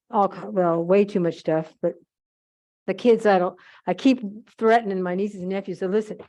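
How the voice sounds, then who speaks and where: An older woman with a warm, mid-range voice is a guest speaker at a museum holiday event. She tells fond, rambling anecdotes to the audience, full of asides and self-corrections.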